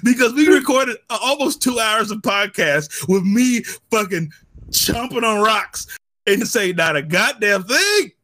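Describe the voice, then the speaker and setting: High, animated man ranting on a podcast. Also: unhurried. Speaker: podcast co-host. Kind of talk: casual podcast banter.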